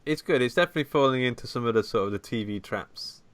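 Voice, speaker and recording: A man co-hosting a casual horror podcast, talking in a low-key way that trails off. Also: quick pace, fairly bright tone, smooth, dry recording. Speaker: podcast co-host. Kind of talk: casual chat.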